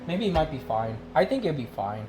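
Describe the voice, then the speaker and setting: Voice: mid-range voice, sing-song, brisk, noisy background. A streamer chatting casually while cooking on a live stream, rambling and laughing often. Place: home kitchen.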